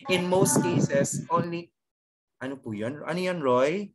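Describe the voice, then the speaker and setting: A cookery teacher with a Filipino accent gives an online class lecture, mixing English and Tagalog, tagging sentences with "okay" and "no?", and often pausing on fillers and restarts. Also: medium pitch, darkish tone. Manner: halting, with many restarts and fillers.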